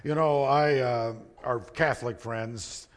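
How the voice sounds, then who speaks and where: A man preaching a sermon, earnest and conversational, swinging between emphatic points and hushed, quiet asides. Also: medium pitch, fairly even intonation, slow pace. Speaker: pastor.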